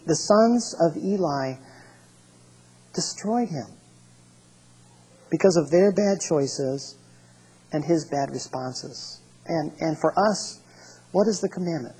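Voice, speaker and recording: A man's voice: fairly high pitch, mellow, slightly rough, low-quality recording. A male pastor preaching a sermon, emphatic and repetitive, reading scripture aloud and restarting his phrases often.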